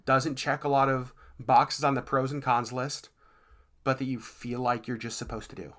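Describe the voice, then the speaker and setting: A woman co-hosting a casual podcast, earnest and animated, who laughs easily. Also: a bass voice, moderate pace. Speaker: podcast co-host. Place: lives in Alaska.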